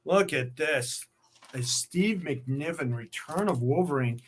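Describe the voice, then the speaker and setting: A man's voice: on the high side, lively intonation. A man showing original comic art on a live sales stream, admiring each piece as he talks. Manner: slow, admiring, musing over artwork.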